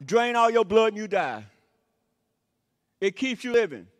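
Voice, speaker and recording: Man, pastor, emphatic sermon, high voice, long church-hall reverb. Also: very animated, measured pace. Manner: preaching with frequent "Amen" and "Praise the Lord" exclamations; repetitive emphatic phrasing. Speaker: associate pastor. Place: church sanctuary.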